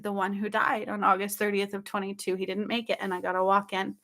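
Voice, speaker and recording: Bright, excitable woman retelling a dream. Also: medium pitch, fast talker. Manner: excited, breathless storytelling with frequent "like" and "okay?". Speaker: spiritual channel host. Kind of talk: casual dream retelling to viewers.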